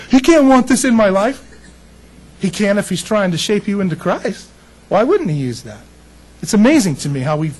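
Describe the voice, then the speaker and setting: Man, pastor, husky voice, fairly high pitch, folksy, animated, casual sermon. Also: rough recording. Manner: folksy, animated storytelling, laughing. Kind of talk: casual sermon with personal story.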